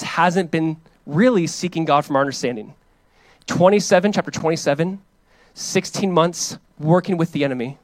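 A young adult man, a pastor preaching a sermon in a casual, conversational way, full of fillers and rising to loud urgent emphasis. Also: on the high side, dry recording.

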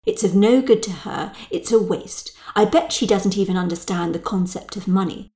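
A woman's voice: mid-range voice, normal speed, mellow, close to an everyday voice. A woman doing a whiny, snobbish mother. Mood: complaining. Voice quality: whiny, plaintive, grumbling. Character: self-pitying, snobbish middle-aged mother.

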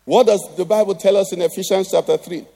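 A man's voice: sits high, fairly even intonation, fast, gravelly, mellow. A Nigerian man preaching a sermon as pastor, tossing rhetorical questions at the congregation.

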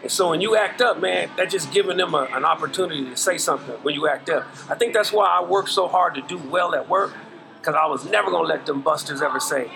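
A man's voice: a little high, fast, creaky, music in the background, rough recording. A middle-aged man, a podcast guest, giving earnest, preachy life advice in casual talk full of slang. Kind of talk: casual interview chat.

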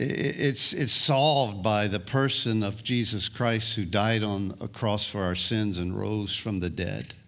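Slow, deliberate male pastor preaching. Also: mid-range voice, fairly bright tone. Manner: slow, deliberate, repeats words as he restarts. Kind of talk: sermon.

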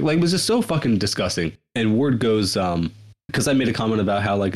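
A man co-hosting a casual political podcast, telling a story in a profane, animated way. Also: sits low. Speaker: podcast co-host.

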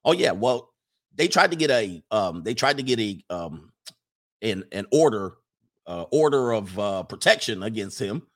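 A young man hosting a casual livestream, reading viewer messages aloud and riffing on them, animated and laughing often. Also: on the low side, moderate pace. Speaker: livestream host reading super chats.

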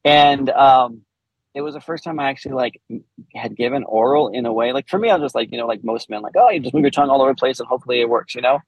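A man's voice: mid-range voice, quick pace, husky, dry recording, dull audio. A man in his forties, a podcast guest, candidly telling a personal story with frequent laughs and restarts.

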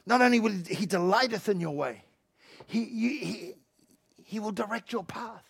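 A male pastor preaching a sermon in a church, swinging between loud emphatic lines and quiet, joking asides. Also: animated, moderate pace, vocal fry, husky. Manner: swings from loud shouting to hushed low asides, jokey and emphatic.

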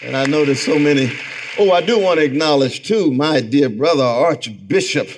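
A middle-aged man giving a public lecture to a live audience in an event hall, speaking with a rhythmic, sermon-like cadence that swells toward near-shouting as he calls out to the crowd. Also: a little high, animated, normal speed, a little hiss or hum. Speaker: guest lecturer.

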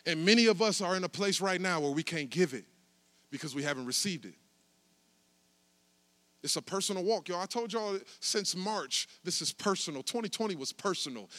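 A man preaching a sermon as pastor, shifting from quiet, casual asides to loud, rising shouts. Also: high voice, animated, a little fast.

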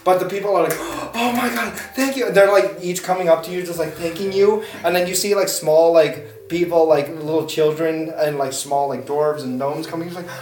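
A game master narrating a tabletop game in an animated, filler-heavy way, recorded in a roomy space away from the mic. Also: mid-range voice, a little fast, hardly any pauses, slight background noise. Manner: animated, lots of fillers, laughs while narrating. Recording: roomy room, far from the mic.

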